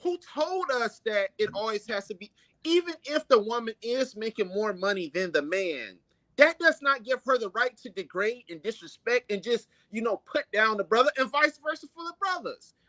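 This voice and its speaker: An earnest man co-hosts a talk discussion, calling his partner brother as he makes his points. His voice is high and bright with a tense edge, recorded close and dry with no room sound. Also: animated, normal speed, no room sound. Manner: earnest, addresses the host as brother. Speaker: co-host. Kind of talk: casual talk show discussion.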